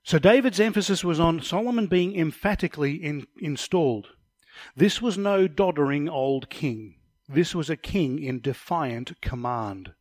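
A man's voice: a little high, unhurried, darkish tone, no echo, clean studio sound. A man teaching a Bible study lesson, explaining passages step by step and referring to slides, sometimes stumbling over a word.

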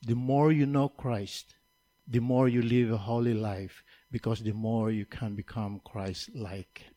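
A man delivering a sermon in a mid-range voice. He teaches in a measured way, repeating key lines for emphasis, and builds to a raised, emphatic preaching tone. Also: medium pitch, steady tone, dark tone.

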